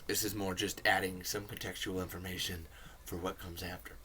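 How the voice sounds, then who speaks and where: A man's voice: low-pitched, flat delivery, a little fast, sharp tone, slight background noise. A man hosting a casual film commentary, talking in a rambling, enthusiastic way full of fillers. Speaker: film commentary video host.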